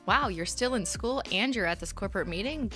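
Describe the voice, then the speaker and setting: A woman's voice: mid-range voice, animated, a little fast, a bit bright, soft background music. A woman hosting a casual livestream, reading out chat messages with playful, giggly, mock-corporate banter.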